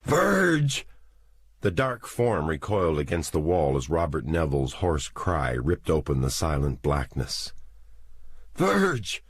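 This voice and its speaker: A man narrating a novel as an audiobook in a slow, deliberate, dramatic reading. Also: rumbling low, darkish tone, breathy edge, no room sound. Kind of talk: scripted narration.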